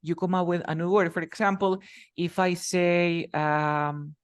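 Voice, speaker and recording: A man's voice: sits high, steady tone, measured pace, clean tone, no room sound, dull audio. A man whose first language is Spanish, teaching an English lesson in a casual style and explaining with many examples and repetitions.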